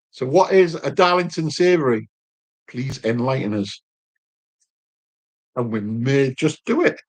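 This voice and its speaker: A man's voice: medium pitch, very animated, takes it slowly, pauses often. A man co-hosting a casual home live chat about food, chatting and reading out viewer comments. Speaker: cooking channel co-host.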